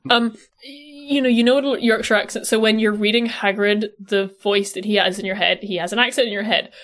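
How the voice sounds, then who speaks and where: A woman with a softened Irish accent from Cork, co-hosting a casual podcast discussion and rambling animatedly. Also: medium pitch, brisk. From Cork, Ireland. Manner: animated, rambling, self-interrupting. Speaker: podcast co-host.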